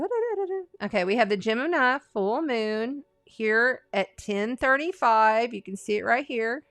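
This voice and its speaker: A woman's voice: fairly high pitch, a bit bright, clean tone, no room sound, studio quality. Chatty woman hosting an astrology stream. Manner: chatty, rambling, folksy. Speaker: astrology and tarot livestream host. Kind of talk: casual livestream chat.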